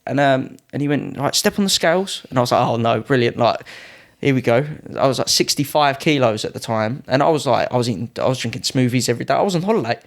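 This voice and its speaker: A man's voice: medium pitch, fast talker, creaky, hardly any pauses. A young man in his twenties, a podcast guest telling anecdotes in a casual way and acting out other people's lines in a raised voice. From United Kingdom. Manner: lively, acts out quoted people in a raised voice. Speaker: podcast guest, Muay Thai fighter.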